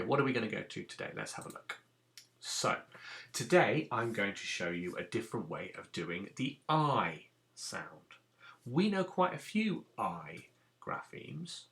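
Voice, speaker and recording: A man teaches young children phonics in a recorded lesson. His low, gravelly voice moves slowly, rising and falling in a lively, sing-song way as he patiently sounds out each letter. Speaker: primary school teacher.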